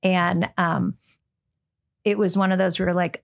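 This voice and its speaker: A middle-aged American woman, a book editor, chatting in an interview, full of ums and quick restarts. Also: on the low side, steady tone, gravelly. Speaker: book editor, podcast guest. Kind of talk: casual interview chat.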